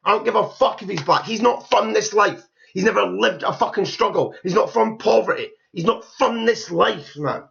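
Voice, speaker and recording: Gravelly high-voiced man ranting. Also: moderate pace, few pauses, a bit bright, muffled recording. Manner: blunt, scornful, swears heavily. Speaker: YouTube commentator. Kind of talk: profane reaction commentary.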